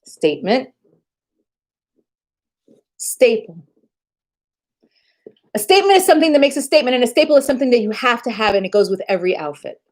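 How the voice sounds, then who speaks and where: A woman's voice: on the high side, racing, few pauses. A woman streaming live in casual chat, telling rambling stories with lots of swearing and frequent laughter. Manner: profane, laughs often; rambling animated storytelling.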